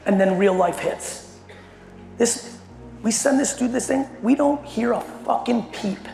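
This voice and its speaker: A middle-aged man telling a story in a talk to a company audience, animated and full of swearing. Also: high-pitched, vocal fry. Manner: profane, animated, fast storyteller. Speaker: keynote speaker. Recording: echoey hall with long reverb, faint music.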